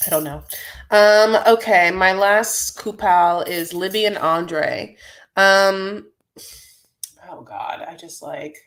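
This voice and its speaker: A woman hosting a casual live recap, chatting loosely and rambling from one thought to the next. She fills her talk with "like" and "you know" and keeps breaking off into quick asides. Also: fairly low pitch, a bit bright. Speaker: host.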